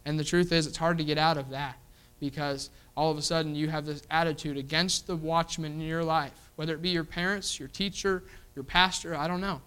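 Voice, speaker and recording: Man, preacher, sermon, bright clear voice, emphatic, somewhat high. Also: fairly even intonation, fairly quick, rough recording. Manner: emphatic, repeating "you know what?" as a hook and acting out quoted voices.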